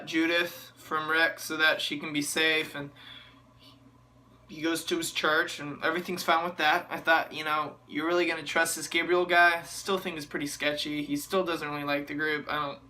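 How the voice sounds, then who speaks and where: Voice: mid-range voice, sharp tone, a little hiss or hum. A TV reviewer giving a casual, rambling, sarcastic episode review, chuckling often and hunting for names. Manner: searching for names, frequent fillers.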